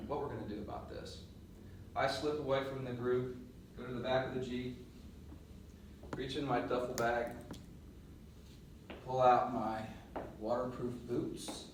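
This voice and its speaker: A middle-aged man coaching on presentation skills, telling a lively story to a class and acting out the voices. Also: medium pitch. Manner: animated storyteller, laughs and acts out voices. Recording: roomy echo, mic at a distance, faint noise.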